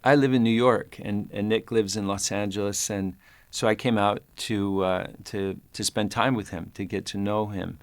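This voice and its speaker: Low-voiced man in his sixties, halting. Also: steady tone, no room sound. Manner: halting and thoughtful, frequent restarts and fillers. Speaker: actor recalling a film. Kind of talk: reflective interview recollection.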